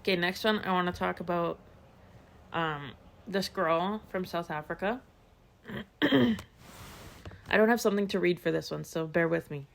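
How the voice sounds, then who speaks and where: Gravelly and on the low side, this woman speaks at a measured pace with long pauses, and there's slight background noise. She co-hosts a podcast, casually retelling true-crime stories as a chatty storyteller full of fillers and quoted asides.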